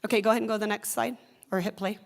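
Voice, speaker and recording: A woman speaks to an audience at a summit, moving through her slides. Her talk runs casual and conversational, full of "like" and restarts, at an ordinary middle pitch. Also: fairly even intonation, creaky. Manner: casual, fast-flowing with many "like" fillers. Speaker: survivor speaker presenting.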